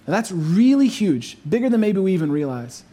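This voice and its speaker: A pastor with a fairly high voice delivers an earnest sermon. He leans into his points with emphasis and slows right down on the phrases he wants to land. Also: big pitch swings, warm tone. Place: church overflow room.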